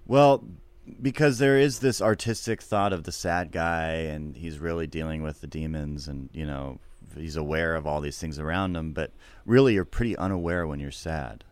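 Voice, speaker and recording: A middle-aged man, a comedian, talking candidly and reflectively in an interview, swearing freely and getting animated at times. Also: rumbling low, normal speed, clear, resonant tone, dry recording. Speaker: podcast guest, comedian.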